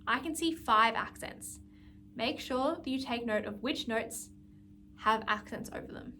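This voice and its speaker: A woman's voice: sits high, background noise. A woman music teacher leading a guided practice lesson, patiently explaining and counting out beats. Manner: patient, counts and sings note names aloud.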